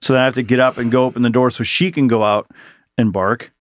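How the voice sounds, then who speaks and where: A man co-hosting a podcast in casual chat, relaxed and chiming in with short jokes. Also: medium pitch, fast, no room sound, studio quality. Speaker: podcast co-host.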